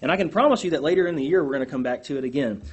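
A man leading a church class discussion, asking the group questions in an animated, self-deprecating way. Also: fairly high pitch, rapid-fire, slightly rough.

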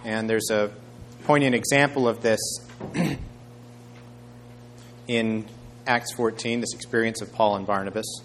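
A man preaching a sermon, reading scripture aloud in a measured way and raising his voice for quoted speech. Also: lowish voice, fairly even intonation, a bit bright, slight background noise. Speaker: pastor.

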